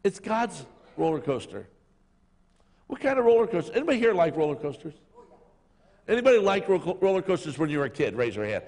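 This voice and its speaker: A middle-aged pastor preaches a sermon in a church sanctuary, spinning jokey stories and acting out voices. His voice is a little high and darkish, with big pitch swings, a brisk pace and long pauses, all carried by the hall's long reverb.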